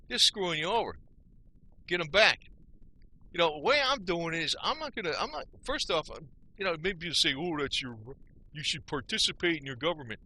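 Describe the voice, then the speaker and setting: Forceful, sharp-voiced man ranting. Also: high voice. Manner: blunt, angry, repetitive; casual slang, frequent "man" and "you know". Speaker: YouTube video maker. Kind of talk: ranting monologue.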